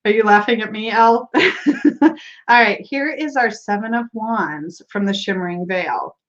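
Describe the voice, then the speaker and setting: A woman's voice: medium pitch, unhurried, long pauses, a bit bright, highs cut off. An American woman hosting a tarot live stream, chatting casually, giggling often and reading viewer comments aloud. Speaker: tarot livestream host.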